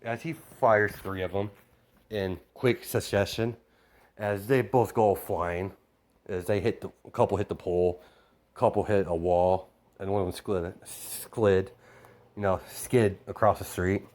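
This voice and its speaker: A man casually narrating a fan story out loud, rambling and stuffing it with "you know" and "as" fillers. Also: low voice, fairly even intonation, measured pace.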